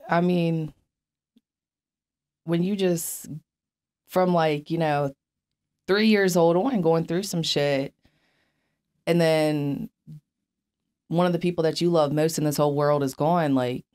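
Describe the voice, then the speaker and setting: A woman's voice: sits low, slow, long pauses, a little mellow, smooth. Blunt, profane young woman telling her story. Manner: blunt, profane, many fillers. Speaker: interview guest. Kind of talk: candid personal storytelling.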